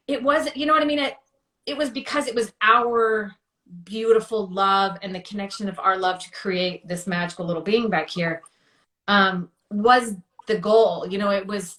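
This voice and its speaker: A woman's voice: fairly low pitch, a bit bright, reverberant. A woman in her thirties telling her personal story as an interview guest, chatty with many fillers and acting out quotes.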